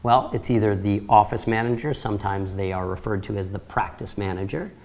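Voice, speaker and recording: A man's voice: on the low side, brisk, darkish tone. A man giving a sales training lecture, coaching trainees in an upbeat, direct way.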